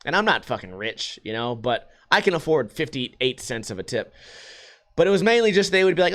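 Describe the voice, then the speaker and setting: A man's voice: a little high, fast talker. A young adult man from Las Vegas telling stories in a casual, profane rant, acting out what other people said. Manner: profane, animated, acts out quotes in other voices. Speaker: podcast host.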